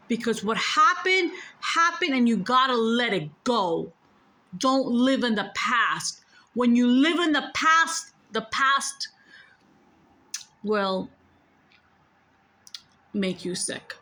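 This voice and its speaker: A woman with a New York accent and a bright, ringing voice that sits a little high for a woman. She talks straight to her viewers in a casual, emphatic way. She repeats her points, swears without holding back and keeps everything blunt. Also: animated, slow pace, pauses often. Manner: emphatic, blunt, curses freely. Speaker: spiritual storyteller. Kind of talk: casual spiritual storytelling to viewers.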